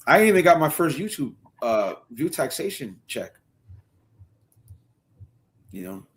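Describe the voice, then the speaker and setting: A man's voice: fairly high pitch, very animated, unhurried. A man hosting a casual chat, laid-back and slangy, calling his guest bro and big dog.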